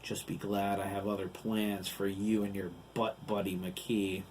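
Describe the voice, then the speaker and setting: A man's voice: lowish voice, flat delivery, measured pace, darkish tone, a little hiss or hum, natural voice. Man doing a gloating, sneering cruel giant. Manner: taunting, gloating. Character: gleeful cruel male giant, sneering villain.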